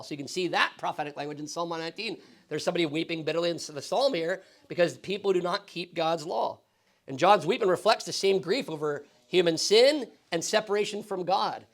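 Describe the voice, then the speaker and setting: Man, pastor, high voice, casual bible class, asks questions, says "right?" a lot. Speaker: pastor teaching Bible study. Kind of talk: conversational Bible teaching. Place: church classroom.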